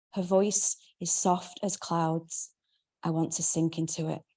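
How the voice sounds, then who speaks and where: Woman, 40s, memoir reading, wry measured delivery, slightly low pitch. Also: level tone, dark tone. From Manchester, England. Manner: wry, measured first-person narration. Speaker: memoir author.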